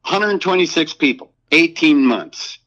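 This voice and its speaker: A man being interviewed about his career as an animator, telling stories in an animated way, often restarting and repeating words. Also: on the high side, measured pace. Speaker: animator guest. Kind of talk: casual interview chat. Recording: dull lo-fi sound.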